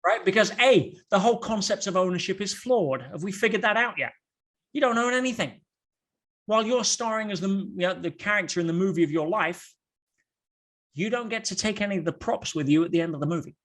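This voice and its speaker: A man talking as a guest on a podcast, telling stories in an animated way with rhetorical questions and quick restarts. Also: high voice. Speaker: podcast guest, motivational speaker. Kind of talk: podcast conversation.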